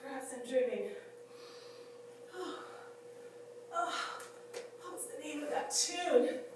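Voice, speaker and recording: High, bright voice of a proud faded screen diva, wistful one moment and commanding the next, as an actress plays her on stage. The sound is a big echoing hall, caught from far off the mic, with some faint room noise behind. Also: expressive, slow. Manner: imperious and theatrical, swings between wistful and shouting. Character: aging film star woman, imperious, confused, dreaming. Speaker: actress playing a film star. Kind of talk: stage play performance. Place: theater stage.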